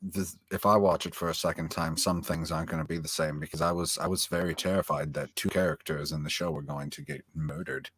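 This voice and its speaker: A man co-hosting an online review show, telling stories in an animated, heavily profane way over a video call. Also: a bass voice, fairly quick, few pauses, breathy edge, no echo, clean studio sound. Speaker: podcast co-host. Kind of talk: casual review chat.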